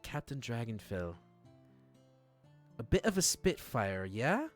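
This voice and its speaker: A man's voice: mid-range voice, very animated, takes it slowly, faint music behind. Dude doing a cheeky pirate lady, teasing and bold.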